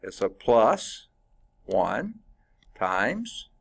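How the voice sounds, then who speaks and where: A man's voice: lowish voice, sing-song, extremely slow, vocal fry, breathy edge. A male math instructor lecturing a class, working problems aloud, quizzing students and chatting informally with asides.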